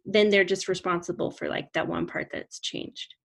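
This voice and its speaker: A woman's voice: lowish voice, steady tone, normal speed, creaky, breathy edge. Supportive woman co-host. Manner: supportive, agreeing, thoughtful. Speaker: speech therapist, podcast co-host. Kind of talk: casual chat.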